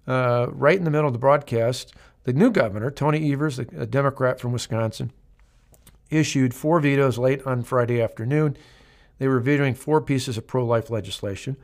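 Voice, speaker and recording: Earnest man in his fifties, podcast host, emphatic commentary, mid pitch, halting delivery. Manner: earnest, emphatic, many filler restarts. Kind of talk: political commentary monologue.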